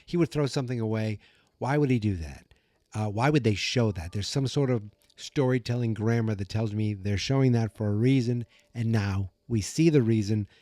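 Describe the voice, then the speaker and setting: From a room at home with the door open, a man hosts a podcast into a podcast mic, musing and rambling through a casual episode recap with many fillers. His voice is on the low side and mellow at a moderate pace, with studio quality and no echo.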